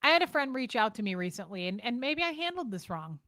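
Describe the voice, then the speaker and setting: Very animated and sharp in tone, the woman's slightly high voice fills her casual home livestream. She's blunt and profane with viewers, her delivery shifting fast, and the recording has no room sound.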